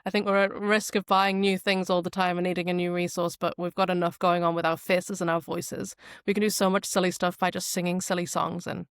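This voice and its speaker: A woman with a Geordie accent, a speech therapist and podcast guest, talking in a chatty, lively way and telling stories. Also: on the low side, brisk, clean tone, no room sound, studio quality. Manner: warm, chatty, animated storytelling. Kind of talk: casual interview chat.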